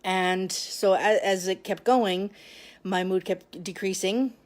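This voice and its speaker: A woman talks to camera in a personal, confessional vlog. Her voice sits at a middle pitch, and she sounds emotional and close to tears. She speaks haltingly, often restarting her sentences and pausing for long stretches. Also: fairly even intonation. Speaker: vlogger sharing a personal story.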